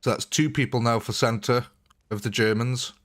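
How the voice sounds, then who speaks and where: A man's voice: medium pitch, steady tone, normal speed, fairly bright tone. A man chatting casually as he streams a strategy game live, thinking aloud, greeting viewers and laughing often. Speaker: gaming livestreamer.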